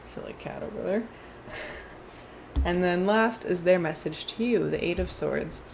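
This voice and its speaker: A woman's voice: on the low side, a little slow, gravelly, noisy background. A young woman chatting through a casual tarot card reading, rambling with fillers and restarts.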